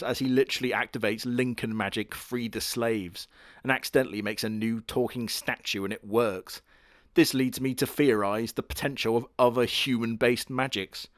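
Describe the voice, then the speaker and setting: A man's voice: medium pitch, no room sound, studio quality. A man giving crude, sardonic comedic commentary on an anime. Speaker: anime reviewer.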